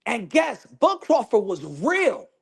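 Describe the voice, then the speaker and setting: Woman, boxing commentary vlog, high voice, very lively pitch, profane mocking trash talk. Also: takes it slowly, gravelly, husky.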